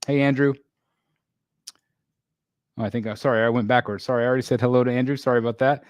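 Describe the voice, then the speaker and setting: A middle-aged live streamer, worn out and rambling, reads comments from viewers while leaning on fillers and clearing his throat occasionally. His ordinary-pitched voice is steady in tone and fast, captured dry and up close.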